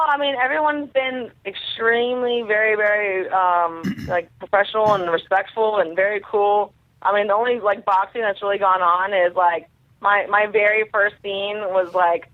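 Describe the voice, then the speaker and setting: A young woman, a guest fighter, telling stories casually and haltingly, with many fillers and restarts. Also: medium pitch, steady tone, no echo. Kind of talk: casual interview storytelling. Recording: tinny dry phone line.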